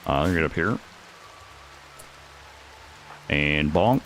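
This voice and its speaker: A man streaming a game live, talking casually to his chat in an excitable, slangy way and swearing freely. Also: a bass voice, brisk, slight background noise.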